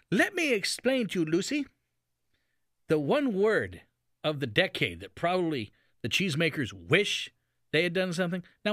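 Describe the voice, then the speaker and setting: A man hosting a radio show, giving folksy, sarcastic commentary. His voice sits high and sounds bright and forceful. His pitch swoops widely, and the sound is dry and close. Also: dry recording. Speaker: radio talk show host.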